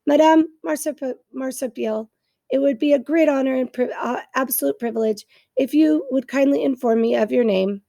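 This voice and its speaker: A woman voicing a polite, stiff female robot who speaks in careful, formal wording, pitched higher than her usual voice. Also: moderate pace, vocal fry, dark tone.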